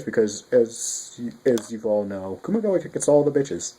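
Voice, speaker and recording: A man talks through a casual review in a mellow, warm voice. He is excitable and rambling, restarting sentences and swearing freely as he goes. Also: medium pitch, normal speed. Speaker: manga reviewer.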